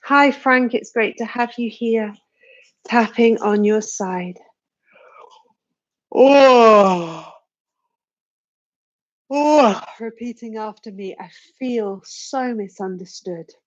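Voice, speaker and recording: A woman leading a live tapping session, giving slow, soothing guidance and phrases to repeat, with sighs and yawns along the way. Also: on the high side, highs cut off.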